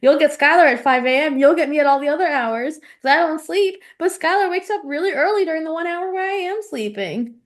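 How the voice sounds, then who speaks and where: A young woman with a high, bright-pitched voice co-hosts a podcast in loose, chatty talk. She speaks casually and drops in a friendly y'all. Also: expressive, brisk, hardly any pauses. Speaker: podcast co-host. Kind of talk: casual chat.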